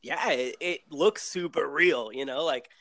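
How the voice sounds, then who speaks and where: A man's voice: a little high, a little slow, over a noisy crowd. A man casually co-hosting a movie podcast, rambling with lots of fillers. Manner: rambling, lots of "like", laughs easily. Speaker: podcast co-host.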